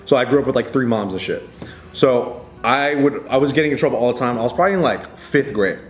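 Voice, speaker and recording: A man's voice: mid-range voice, quick pace, faint music behind. Guy telling a story on a podcast, voice jumps all over, roomy studio, buddies laughing. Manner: animated, acts out quotes, laughs often, swears. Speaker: podcast co-host. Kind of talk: storytelling in casual group chat. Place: podcast studio with several hosts.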